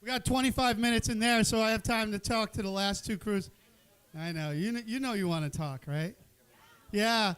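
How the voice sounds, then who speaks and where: A man emceeing a live cooking event with a high, smooth, resonant voice. He talks in a playful, rambling way and keeps cracking jokes with the teams and the crowd. His banter stays loose and casual. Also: normal speed, fairly bright tone. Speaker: event host. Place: event hall with an audience.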